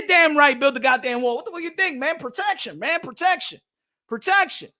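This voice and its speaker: A man's voice: very high voice, expressive, fairly quick, sharp tone. A man giving a brash, profane comedic rant, mixing in Spanish. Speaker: comedic commentator.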